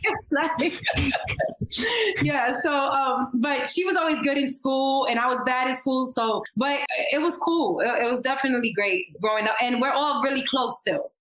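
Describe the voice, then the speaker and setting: A woman's voice: high voice, a little slow, fairly bright tone, roomy sound, poor audio. A woman from New York with a New York accent, a singer chatting as a podcast guest in an emphatic, talkative way and laughing often. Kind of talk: casual interview chat.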